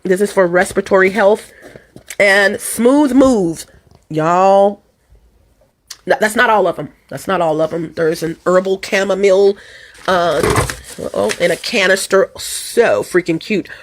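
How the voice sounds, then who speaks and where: Hoarse rambling woman vlogger. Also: mid-range voice, steady tone, moderate pace. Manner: rambling and repetitive, addresses viewers as "you guys". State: hoarse from allergies and a cold. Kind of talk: casual chat to camera. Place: at home.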